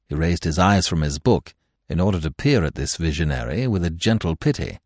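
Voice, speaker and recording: A man reading a classic novel aloud as the narrator in an expressive storytelling manner. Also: sits low, moderate pace, no echo, studio quality. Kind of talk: scripted audiobook narration.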